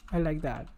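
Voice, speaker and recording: Indian-accented male streamer, unhurried, mellow tone, laid-back chat while coding. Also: slight background noise. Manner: relaxed, chatty, reads tutorial text aloud, muttering to himself.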